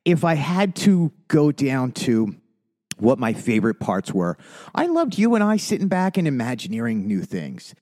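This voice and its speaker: A man's voice: mid-range voice, wildly swooping pitch, normal speed, warm tone. A man co-hosting a podcast, speaking in a heartfelt, rambling way and restarting his sentences when he gets emotional. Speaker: podcast co-host. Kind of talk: casual podcast chat.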